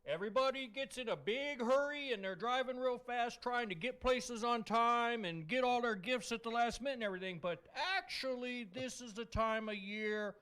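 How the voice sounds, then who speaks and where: A cheerful old Santa Claus, put on by a man for a small-studio kids' show. He speaks in a notably high voice and stretches his words out slowly to stress safety, with a hearty ho-ho-ho never far away. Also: sharp tone, smooth. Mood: earnest. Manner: slow, deliberate safety advice between hearty ho-ho-hos. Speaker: guest character on a local kids' show. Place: local public access TV studio.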